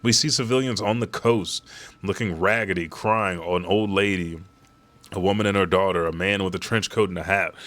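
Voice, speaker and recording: Deep-voiced man reading a comic live. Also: moderate pace, a bit bright. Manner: swears freely, reads lines aloud between asides. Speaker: host reading and reacting to a comic chapter. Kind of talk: casual live reaction reading.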